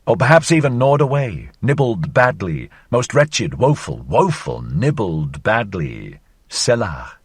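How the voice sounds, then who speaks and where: Male audiobook narrator, low husky voice, very lively dramatic reading, close dry recording. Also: unhurried, no echo. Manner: theatrical, sweeping changes of pitch and loudness. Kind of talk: reading a philosophical novel aloud.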